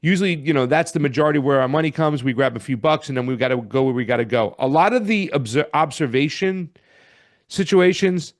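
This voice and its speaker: A man's voice: fairly high pitch, fairly quick. A man in casual podcast chat who talks in a rambling, reflective way. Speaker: podcast co-host.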